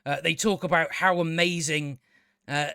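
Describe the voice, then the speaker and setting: A man's voice: fairly high pitch, steady tone, moderate pace, creaky, bright, forceful tone, clean tone, no room sound, clean studio sound. Exasperated man ranting a review. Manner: ranting, exasperated, stumbling restarts and swearing. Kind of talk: casual spoken review.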